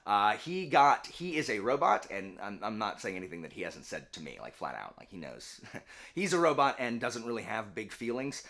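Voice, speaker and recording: A man's voice: fairly low pitch, sing-song, moderate pace, fairly bright tone. A man in his late thirties with a Southern US accent, chatting casually to camera as a vlogger and teacher, rambling with many restarts and asides. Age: late 30s. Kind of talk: casual personal chat to camera.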